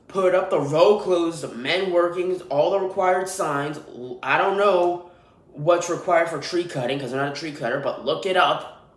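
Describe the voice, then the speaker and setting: A man with a somewhat high voice rants through his podcast, irritated and swearing freely. The room around him gives his voice a noticeable echo. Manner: irritated, profane, ranting. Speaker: podcast host. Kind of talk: solo podcast rant. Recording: roomy echo.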